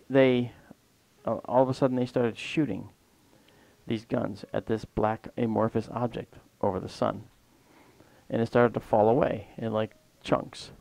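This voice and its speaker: Gravelly-voiced man telling a rambling story. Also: mid-range voice, a little mellow, no room sound. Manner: rambling and anecdotal, often trailing off mid-sentence. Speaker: livestream host. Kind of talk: casual spoken storytelling.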